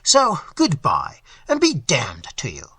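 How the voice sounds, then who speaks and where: A man doing a gruff Dutch innkeeper. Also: fairly high pitch, huge pitch swings, a little slow, bright, forceful tone, dry recording, heavily acted. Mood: hearty. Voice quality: gruff, guttural. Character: gruff bloated Dutch innkeeper, hearty and blunt.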